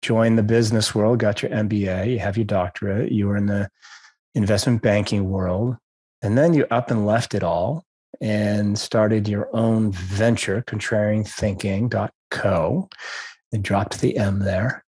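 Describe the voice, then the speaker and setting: A man's voice: on the low side, steady tone, unhurried, darkish tone, husky. A man hosting an interview, jokey and self-deprecating, asking rambling questions. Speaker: podcast host. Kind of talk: casual interview talk.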